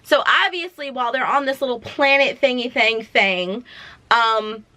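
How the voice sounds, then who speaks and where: Chatty, bright-voiced young woman vlogger. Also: fairly high pitch, normal speed, no room sound. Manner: chatty, dramatic, slangy. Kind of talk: casual movie recap.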